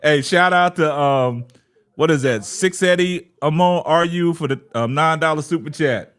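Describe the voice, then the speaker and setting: A man's voice: a little high, moderate pace, a bit bright, a little hiss or hum. A man hosting a casual sports livestream, laughing often and reading out super chats. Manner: laughing, repeats "man" and "hold on".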